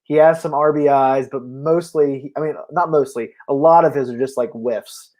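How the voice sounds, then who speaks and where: A man co-hosting a casual comic book chat, talkative and quick to laugh, often restarting his sentences. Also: mid-range voice, steady tone, darkish tone. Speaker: podcast co-host.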